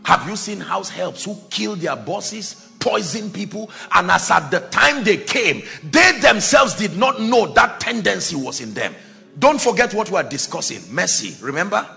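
A male preacher delivers a dramatic sermon, his gravelly, bright voice rising into loud exclamations and dropping to low, quiet lines. His pitch is lively and full of movement. Soft music plays faintly behind him. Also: normal speed.

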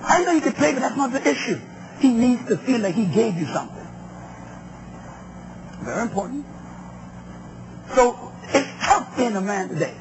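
Emphatic preacher, male, very high pitch, muffled recording with noise. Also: big pitch swings, normal speed, pauses often. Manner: emphatic, call-and-response with the crowd. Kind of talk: sermon on relationships.

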